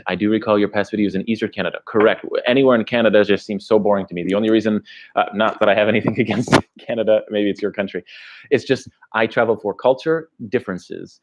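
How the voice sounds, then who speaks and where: Fielding viewer questions on a livestream, this travel vlogger rambles in a relaxed, chatty way. He is a native English speaker with a fairly low-pitched voice, and the recording sounds muffled.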